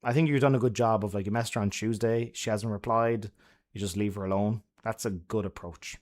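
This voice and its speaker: A man's voice: on the low side, fairly even intonation, brisk. Chatty, swearing man on a live stream. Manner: chatty, laughs often, swears freely; loud, friendly advice-giving. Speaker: live streamer answering chat. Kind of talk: casual live-stream chat.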